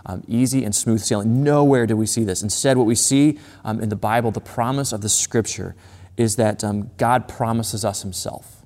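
A man preaching a sermon in an earnest way, repeating phrases and slowing down to read scripture aloud. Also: on the low side, steady tone, a little mellow, big-room sound. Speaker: pastor.

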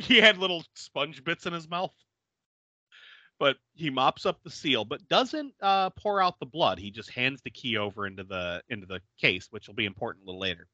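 A man hosting a podcast, casually recapping a horror film with animated storytelling and frequent laughter. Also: fairly high pitch, no echo. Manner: animated storyteller, acting out quotes and laughing often. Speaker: podcast host. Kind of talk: casual movie recap chat.

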